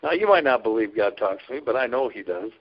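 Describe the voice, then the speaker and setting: Fast and slightly rough, his mid-range voice has lively intonation as he tells stories in an informal interview. He's a ministry leader and trucker chaplain, earnest and folksy, often laughing; the audio is dull and lo-fi.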